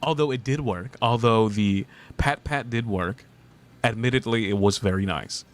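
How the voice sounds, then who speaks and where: A man's voice: lowish voice, normal speed. A man in his thirties streaming casually, reading chat aloud, playful and teasing, laughing often.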